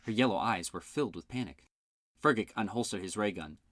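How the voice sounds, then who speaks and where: Expressive male audiobook narrator. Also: fairly quick, dry recording, clean studio sound. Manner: expressive, voices the characters with shouts and big pitch jumps. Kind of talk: fan-made audiobook reading with character voices.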